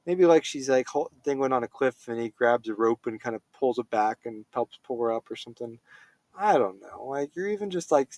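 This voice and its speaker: A man's voice: medium pitch, expressive, fairly quick, darkish tone, no room sound. Rambling male film reviewer. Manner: rambling, full of fillers and self-corrections. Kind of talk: casual spoken film review.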